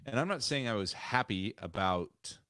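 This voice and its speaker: A man's voice: on the low side, lively intonation, normal speed, sharp tone, no room sound, studio quality. A man co-hosting a casual podcast over a remote call, talking in a rambling way with many restarts. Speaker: podcast co-host.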